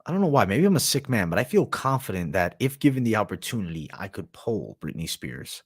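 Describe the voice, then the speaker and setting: A man's voice: lowish voice, very animated, brisk, husky, dry recording, clean studio sound. A young man hosting a livestream, talking in a crude, rambling, profanity-heavy slang as he reads and answers chat. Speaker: livestream host.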